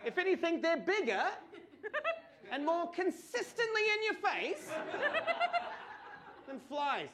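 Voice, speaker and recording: An Australian man telling a crude, animated stand-up comedy story with swearing and mock outbursts. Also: very high voice, slow, long pauses, crowd noise.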